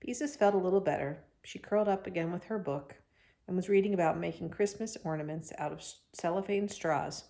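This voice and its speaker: A woman reading a chapter book aloud to children, expressive and breaking off for chatty asides to them. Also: on the low side, brisk, gravelly.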